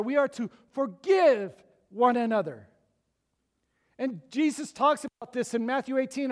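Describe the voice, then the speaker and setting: A pastor with a high voice preaches in a church, lively and animated, slipping into the voices of the people he quotes. He breaks into chuckling asides to the congregation. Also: in a large hall. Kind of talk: sermon.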